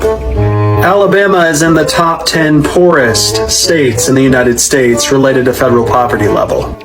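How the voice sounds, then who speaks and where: A man giving scripted news commentary in a sarcastic, measured way. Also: on the high side, rough recording. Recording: voice over guitar music.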